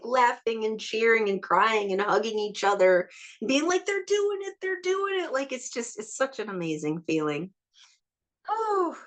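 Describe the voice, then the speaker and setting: Soft-spoken woman leading a healing session. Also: on the low side. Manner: soft, prayerful, slow invocations with warm laughter; counts slowly through numbers. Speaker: spiritual healing session leader. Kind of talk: guided group healing session.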